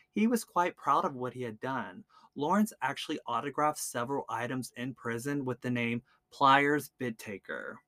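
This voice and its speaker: A man hosting a podcast, telling a true crime story in a relaxed, casual way with lots of "like" and "um". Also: mid-range voice, dry recording. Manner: relaxed, peppered with "like" and "um". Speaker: podcast host.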